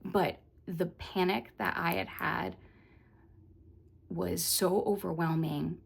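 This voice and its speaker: A young woman vlogger telling a story in a rambling, animated way, with lots of fillers. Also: lowish voice, gravelly, breathy edge. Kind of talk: casual storytime monologue.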